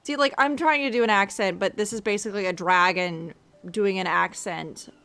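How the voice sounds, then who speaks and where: A woman's voice: mid-range voice, moderate pace, fairly bright tone, smooth. A woman streaming a game, chatting casually in a playful, self-deprecating way. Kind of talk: casual gaming commentary.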